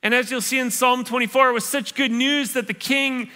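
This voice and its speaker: A pastor with a high, bright and ringing voice preaches a church sermon. His delivery is conversational and playful. He keeps slipping into the voices of his listeners to act out what they are thinking. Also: fairly even intonation, brisk. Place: church service.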